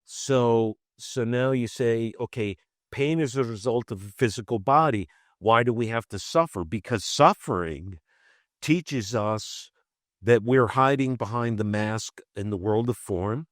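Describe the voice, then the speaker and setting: A man's voice: mid-range voice, a little slow, no echo, studio quality. A man who works as a life coach, talking as a podcast guest and explaining his ideas through examples and casual asides. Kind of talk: conversational podcast interview.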